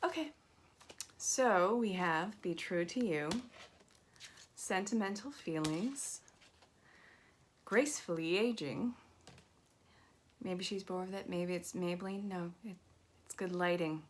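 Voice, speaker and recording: A woman's voice: fairly low pitch, takes it slowly, pauses often, slight background noise. A woman giving a casual live-streamed card reading, chatty and reassuring as she talks straight to her viewers. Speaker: angel card reader.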